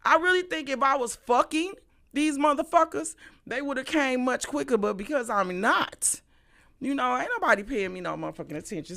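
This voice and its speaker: Middle-aged St. woman hosting a stream, sharp-toned, profane, animated storytelling. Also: fairly high pitch, creaky. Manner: animated, profane, swings between loud and hushed. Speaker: livestream host. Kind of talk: casual storytelling monologue.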